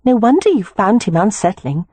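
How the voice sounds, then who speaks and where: A woman's voice: medium pitch, big pitch swings, normal speed, warm tone, slightly rough, no room sound, voice pushed up. A woman reading an audiobook, voicing an earnest, matter-of-fact young woman who loves animals.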